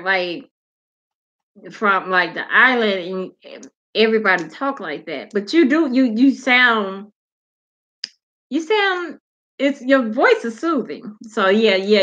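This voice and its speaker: A woman hosting her own channel, chatting casually and reading viewer comments out loud, loose and slangy with frequent swearing. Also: on the high side, muffled recording.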